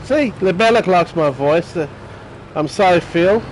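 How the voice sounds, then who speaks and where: A man's voice: sits high, lively intonation, unhurried, a little hiss or hum, rough recording. A man giving casual, chatty commentary while playing a game and teasing viewers by name. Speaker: gaming streamer.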